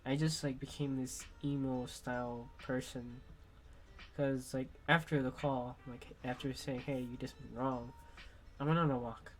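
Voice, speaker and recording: A man's voice: medium pitch, steady tone, measured pace, slight background noise. Young man rambling frankly while sick. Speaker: streamer. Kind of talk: candid personal vlog monologue.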